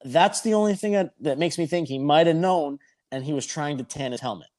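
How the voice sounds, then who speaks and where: Profane storytelling man, slightly high voice. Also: a little fast, darkish tone. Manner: profane, rambling anecdotal delivery. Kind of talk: casual storytelling.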